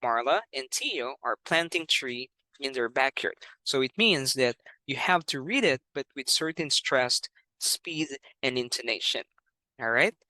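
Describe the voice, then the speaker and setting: Bright-voiced male English teacher. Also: mid-range voice, animated, a little slow, no echo, rough recording. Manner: clear, patient, with frequent "all right" and "you know". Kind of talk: explaining teaching methods.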